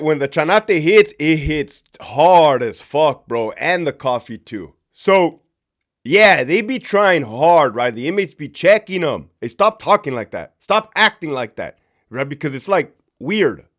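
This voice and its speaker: A man's voice: a little high, very animated, a little slow, fairly bright tone. A man, a former prison officer, chatting casually and profanely, often laughing as he tells stories. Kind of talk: casual storytelling chat.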